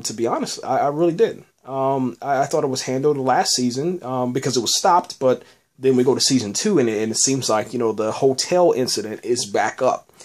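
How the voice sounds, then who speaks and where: On a casual solo podcast, a man with a mid-range voice reviews a TV episode in rambling fashion. He's full of fillers and restarts and keeps saying "man."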